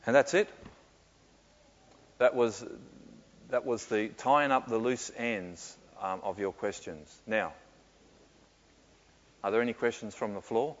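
A man answering questions in a sermon, reflective and often pausing with fillers and soft laughs. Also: on the low side. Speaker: pastor. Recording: muffled with long hall reverb.

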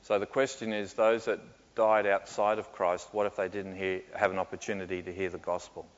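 A man's voice: sits low, flat delivery, fairly quick. Man, pastor, sermon Q&A, reflective, long hall reverb, muffled sound. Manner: reflective, with frequent fillers and soft laughs.

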